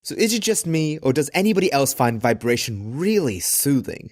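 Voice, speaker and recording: A man with an Australian accent telling a humorous animated story in an expressive, jokey way that bursts into exasperated rants. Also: fairly high pitch, normal speed.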